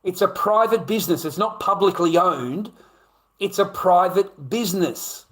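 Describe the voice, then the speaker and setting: A man's voice: high-pitched, unhurried. A man, a live streamer, chatting casually to his viewers in a blunt, heavily profane, rambling way with frequent laughs.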